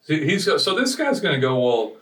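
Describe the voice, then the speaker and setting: A business podcast co-host with a slightly high voice talks fast, with big pitch swings and a pushed, bright quality. In casual chat he rambles through his stories and keeps restarting, and the distant mic leaves him sounding roomy.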